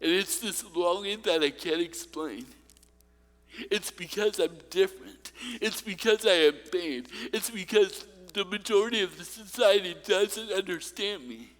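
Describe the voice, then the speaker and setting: In a big-sounding church, a man with a high, slightly bright voice preaches a little slowly. He tells humorous personal stories before turning earnest and encouraging.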